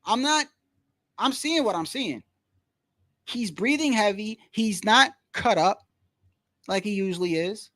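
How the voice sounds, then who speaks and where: Male streamer, high-pitched, slangy and blunt, casual live fight commentary, dry close mic. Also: measured pace, long pauses, a bit bright, no room sound. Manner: slangy, says "bro" constantly, blunt and opinionated.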